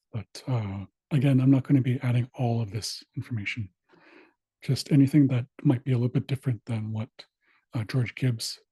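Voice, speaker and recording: A man teaching an online language class, walking through old dictionaries in a plain, steady way with frequent pauses and fillers. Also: mid-range voice, breathy edge, no room sound. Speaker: language instructor. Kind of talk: online class screen-share walkthrough.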